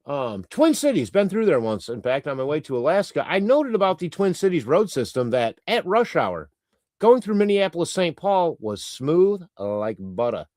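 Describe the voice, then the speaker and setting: A man's voice: fairly high pitch, sing-song, normal speed, a little mellow, no room sound. Guy streaming and reading chat, rambly and sweary, voice bounces up and down a lot, dry close mic. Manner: rambling, irreverent, swears casually. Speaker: live stream host. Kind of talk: casual chat reading viewer comments. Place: lives in Canada.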